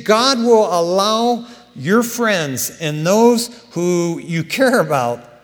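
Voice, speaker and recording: A man preaching a sermon as pastor, animated and emphatic, with casual asides to his congregation. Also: fairly high pitch. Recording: long hall reverb.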